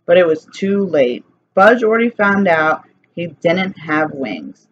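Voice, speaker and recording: A woman reading a children's chapter book aloud in a lively, plain storytelling way. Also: fairly low pitch, slow. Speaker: reader. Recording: slightly dull recording, faint hiss.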